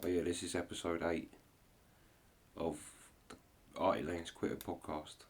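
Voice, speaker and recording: A man introducing a reaction video in a relaxed, rambling way with many fillers. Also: low voice, normal speed. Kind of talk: casual reaction commentary.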